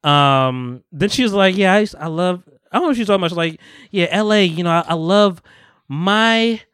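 A man's voice: sits high, animated, moderate pace, fairly bright tone, smooth, no echo. A man hosting a podcast, casually retelling film scenes and acting out the quotes with lots of laughter. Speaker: podcast host. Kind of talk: casual chat.

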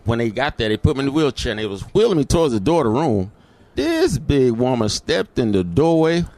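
A man's voice: mid-range voice, big pitch swings, brisk, darkish tone, dry recording. A middle-aged man, telling a personal story as an interview guest and acting out the voices in it.

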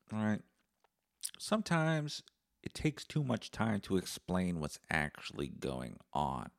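A man's voice: deep voice, creaky. A man hosting a casual solo podcast, talking in a profane, sarcastic, rambling way. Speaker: podcast host.

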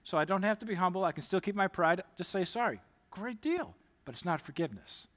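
A male pastor preaching a sermon, talking emphatically and climbing louder on key points. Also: high voice, lively intonation, quick pace. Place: church. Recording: long hall reverb.

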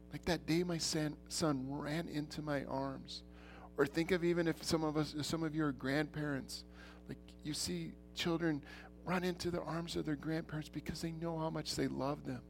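A middle-aged man preaching a church sermon, earnest, repeating himself, swinging between loud and soft. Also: a little high, a little hiss or hum. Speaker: pastor.

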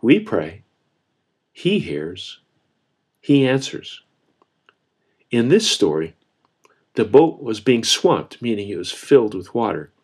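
A man's voice: lowish voice, sing-song, slow pace, long pauses, a little mellow, breathy edge. A man preaching a sermon as a pastor, earnest and repeating key phrases for emphasis.

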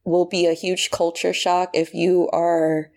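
A young woman guest giving lively, playful, emphatic advice in a casual interview. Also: fairly low pitch, measured pace, vocal fry. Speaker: podcast guest.

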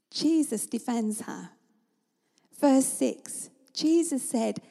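Woman preacher, high and mellow, vivid storyteller. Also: measured pace. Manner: conversational, vivid storytelling, sometimes drops to a hush. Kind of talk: sermon.

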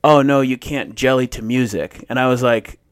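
A man's voice: medium pitch, normal speed, smooth. A man co-hosting a podcast, rambling through casual stories, swearing and laughing often. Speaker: podcast co-host. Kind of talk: casual podcast chat and anecdote.

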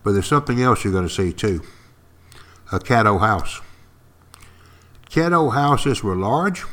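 A man's voice: on the low side, fairly bright tone. An older man, teaching a history lesson to podcast listeners. He talks emphatically, repeats key words and asks his listeners questions. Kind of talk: lively classroom-style history talk to podcast listeners.

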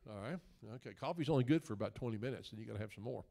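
A man's voice: medium pitch, lively intonation, rapid-fire, gravelly, dark tone. A male guest preacher, delivering a folksy, joking sermon that builds into emphatic questions.

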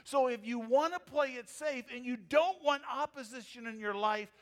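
High-voiced pastor preaching with emphatic swings. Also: male voice, moderate pace, few pauses, fairly bright tone. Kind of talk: sermon.

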